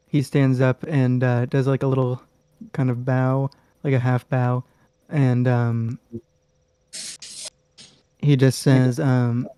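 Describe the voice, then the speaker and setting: Mellow-voiced man rambling as game master. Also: mid-range voice, clean tone, dry recording. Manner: rambling, loose casual narration with many fillers and laughs. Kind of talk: narrating a tabletop game.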